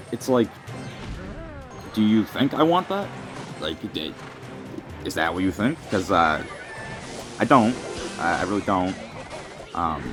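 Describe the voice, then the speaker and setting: Young guy doing a mock-serious rant, kinda low voice, music going underneath. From Canada. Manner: rambling, filler-heavy, mock-serious. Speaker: vlogger. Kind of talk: comedic rant addressed to the wind.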